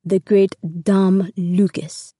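A woman's voice: on the low side, fairly even intonation, moderate pace, gravelly, warm tone, dry recording. A woman voicing a friendly, encouraging teenage boy ballet dancer in an audiobook, staying close to her own voice.

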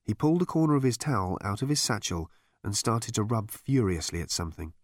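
A man's voice: fairly low pitch, big pitch swings, fairly quick, no echo. A man reading a comic novel aloud as narrator in a dry, wry storytelling manner. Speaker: audiobook narrator. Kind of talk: scripted narration.

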